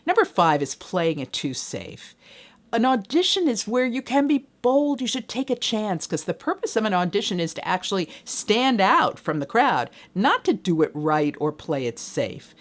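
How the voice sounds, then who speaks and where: A middle-aged woman voiceover coach, talking straight to the viewer in a friendly, conversational training video. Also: medium pitch. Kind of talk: direct-to-camera training video.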